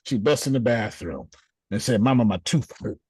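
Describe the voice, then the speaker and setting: Lively husky man preaching with swings. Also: moderate pace, no echo. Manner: animated, swings from low asides to high exclamations; blunt slangy with casual swearing. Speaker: host leading a group discussion. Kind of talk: preacherly motivational talk.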